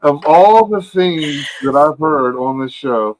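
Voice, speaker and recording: A woman's voice: deep voice, lively intonation, takes it slowly, slight background noise, low-quality recording. A woman hosting a podcast in casual chat, teasing her guest in a wry way. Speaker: podcast host.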